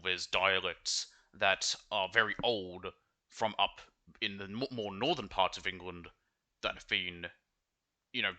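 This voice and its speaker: Brief: Australian man, low and bright, rambling stream commentary. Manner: chatty and rambling. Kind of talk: casual game stream commentary.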